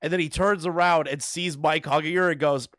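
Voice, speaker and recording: A man's voice: a little high, steady tone, fairly quick, a bit bright, no echo, clean studio sound. A man doing casual live commentary on a clip, crude and mocking, often laughing. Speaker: streamer reacting to a clip.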